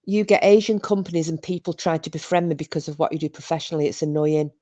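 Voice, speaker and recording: Her voice is low and dark and she talks at a quick pace: a British woman hosting a livestream, chatting casually as she reads comments. Her story rambles and keeps starting over.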